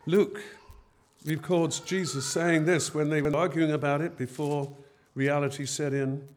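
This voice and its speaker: A man's voice: a little high, fairly even intonation, measured pace, a little hiss or hum. A man preaching a sermon in church. He retells the scenes as everyday conversations.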